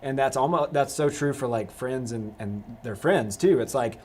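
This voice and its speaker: A man's voice: mid-range voice, moderate pace, darkish tone, slight background noise. A young man hosting a live youth discussion, casual and rambling, with many restarts. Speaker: youth pastor host.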